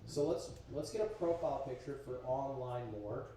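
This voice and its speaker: A young man in his twenties narrating his own vlog in a brisk, chatty, self-assured way. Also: medium pitch, animated, mellow, faint music behind. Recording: echoey, distant playback on a stream.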